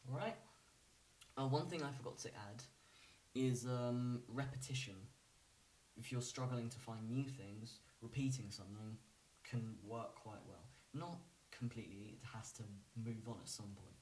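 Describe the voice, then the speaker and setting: A man giving a casual music lesson, relaxed and rambling, with lots of fillers and restarts. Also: mid-range voice, normal speed, a little hiss or hum. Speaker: music teacher. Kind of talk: casual instructional talk. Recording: roomy, from a distance.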